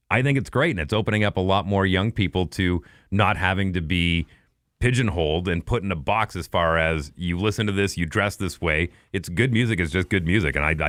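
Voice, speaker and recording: A man's voice: low voice, a little fast, fairly bright tone, no echo, studio quality. A man who is a radio host, chatting casually and enthusiastically as a guest on a podcast. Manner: enthusiastic, conversational.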